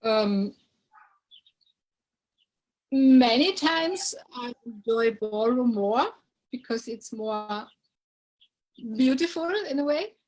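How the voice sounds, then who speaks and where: A woman's voice: a little high, rough recording. A woman from Germany with a German accent, chatting as a guest in an interview and searching for her words. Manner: relaxed, halting, searching for words. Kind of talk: casual interview chat.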